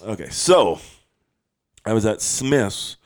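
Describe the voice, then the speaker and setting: A man's voice: fairly low pitch, big pitch swings, takes it slowly. Rambling male podcast host telling a story. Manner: rambling, laughs often, restarts mid-sentence. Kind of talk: casual chat, storytelling.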